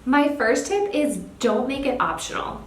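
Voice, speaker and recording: A young woman, a speech therapist, giving parenting tips in a clear, upbeat teaching manner. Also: sits high, sing-song, unhurried. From California. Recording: echoey room, faint background hiss.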